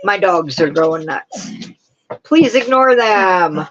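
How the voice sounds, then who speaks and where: A woman's voice: lowish voice, lively intonation, takes it slowly, a bit bright, lo-fi sound, a little hiss or hum. A woman hosting a casual home livestream, chatting to viewers and breaking off to scold her dogs. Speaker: crochet livestream host. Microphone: camera on a tripod.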